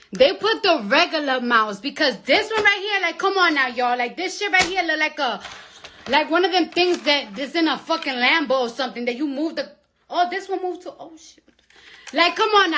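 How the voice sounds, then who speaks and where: A young woman rambles into her phone on a live stream, cursing freely and swinging between loud outbursts and near-whispers. Her voice is high and sharp, with a faint hiss behind it. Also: lively intonation, normal speed. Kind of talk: casual live-stream chat.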